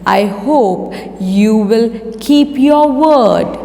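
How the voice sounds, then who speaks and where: A woman's voice: a little high, animated, creaky, warm tone, heavily acted. Name: Chandragupta. a woman reading as a bold young boy. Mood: earnest. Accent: Indian English. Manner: reads slowly and deliberately. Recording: echoey room with long reverb.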